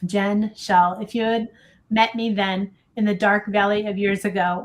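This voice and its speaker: A woman's voice: mid-range voice, level tone, unhurried. A woman hosting a talk show in a studio, reading a text aloud with earnest feeling and breaking into casual chat. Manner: earnest, gets emotional while reading. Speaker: show host.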